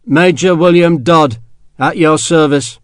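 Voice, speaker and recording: A man's voice: on the high side, steady tone, measured pace, smooth, dry recording, studio quality, voice pushed up, lightly acted. A man playing a tall, scornful English officer who barks curt orders and speaks with lordly contempt, in an audiobook reading. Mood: cold, contemptuous.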